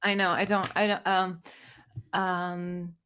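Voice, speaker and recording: A woman's voice: on the low side, flat delivery, slow, fairly bright tone, clear, resonant tone. American woman hosting a casual book chat, teasing and playful. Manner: playful, teasing, laughs often. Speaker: channel host.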